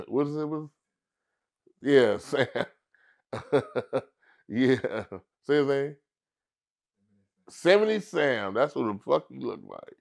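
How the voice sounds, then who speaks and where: A middle-aged comedian guest tells a long, rambling story in an interview, his ordinary-pitched voice gravelly with rough fry at the bottom. He goes slowly with frequent pauses, animatedly acting out other people in high, squeaky voices.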